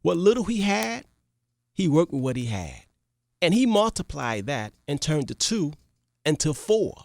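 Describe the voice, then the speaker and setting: A radio talk show host retelling a parable to listeners, animated and repetitive, checking in with the audience. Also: medium pitch, measured pace, creaky, dry recording, clean studio sound.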